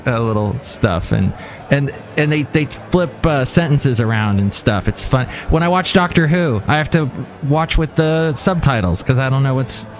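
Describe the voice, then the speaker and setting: A man's voice: mid-range voice, normal speed. A man hosting a podcast interview, casual and stammering with repeated words. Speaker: podcast host.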